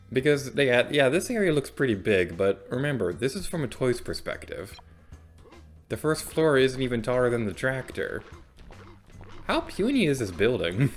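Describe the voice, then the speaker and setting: A young man hosting a let's play, rambling casually and self-deprecatingly about the game as he plays. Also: mid-range voice. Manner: chatty, rambling, self-deprecating, sudden loud outbursts. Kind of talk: casual gameplay commentary.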